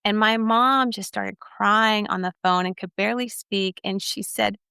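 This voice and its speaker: A woman's voice: medium pitch, fairly even intonation, measured pace, vocal fry, pushed and bright, clean tone, no echo, clean studio sound. A woman from Texas, a podcast guest telling her life story in an earnest, emphatic way. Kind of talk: personal testimony storytelling.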